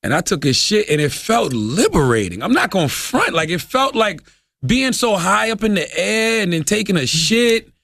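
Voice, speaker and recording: A man co-hosting a podcast, telling crude stories fast in casual comedic chat, full of profanity and quoted asides. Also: high voice, sing-song, vocal fry, fairly bright tone, no echo, studio quality. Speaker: podcast co-host.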